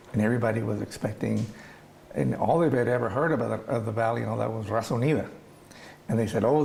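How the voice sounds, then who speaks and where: Gravelly older man recounting the past. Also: lowish voice, darkish tone, a little hiss or hum. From South Texas. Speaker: oral history interviewee. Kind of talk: reminiscing storytelling.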